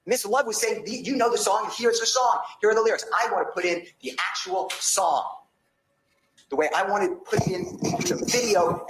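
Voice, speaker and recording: A man's voice: high-pitched, a bit bright, echoey room, slight background noise, low-quality recording. A man arguing as defense attorney before a judge, impassioned and insistent, pleading his point in a courtroom. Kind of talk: courtroom argument.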